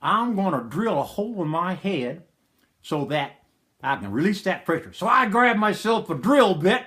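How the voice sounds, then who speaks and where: A man's voice: high voice, very animated, normal speed, pushed and bright, heavily acted. A man playing a rowdy, profane rural man, rambling through a wild comic story. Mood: frantic. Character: rowdy rural middle-aged man telling a wild tale. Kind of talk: comic character monologue.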